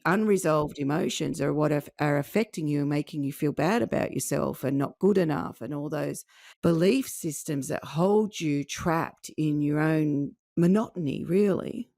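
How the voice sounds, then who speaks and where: A woman's voice: deep voice, moderate pace, dark tone, no echo, studio quality. A woman hosting a podcast who speaks in an earnest, reflective way, explaining ideas in flowing phrases. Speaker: podcast host. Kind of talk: reflective conversation.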